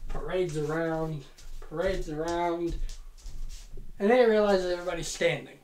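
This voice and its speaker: A host talks through a make-believe wrestling card in a loose, rambling way, cracking jokes, swearing and poking fun at themselves. The voice sits at a middling pitch, and the room around it is roomy and echoing. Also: darkish tone. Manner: rambling, joking, profane, self-deprecating. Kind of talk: casual fantasy booking narration. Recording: roomy echo.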